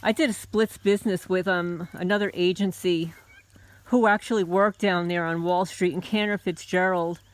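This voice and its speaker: A woman's voice: fairly low pitch, steady tone, moderate pace. A middle-aged woman from the United States, hosting her own channel, tells a personal story in a loose, conversational way, full of fillers and restarts. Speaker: homesteading channel host.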